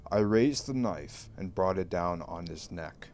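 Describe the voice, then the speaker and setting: A man reading a creepy horror story aloud in a slow, hushed, deliberate way. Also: sits low, expressive, a little hiss or hum. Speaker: creepypasta narrator. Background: faint background music.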